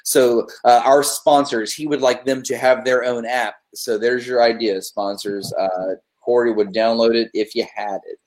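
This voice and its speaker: A man of middle pitch hosts a casual talk show and tells stories at length. He swears freely and stays animated, piling on fillers and restarts as he goes. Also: moderate pace, hardly any pauses. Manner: profane, animated storyteller. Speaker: podcast host. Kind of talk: casual storytelling chat.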